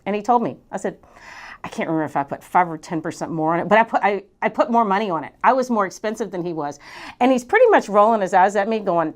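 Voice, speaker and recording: A middle-aged woman coaching, telling a motivational story and acting out what people said, jumping high on exclamations. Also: quick pace. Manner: animated, acts out quoted voices, jumps high on exclamations.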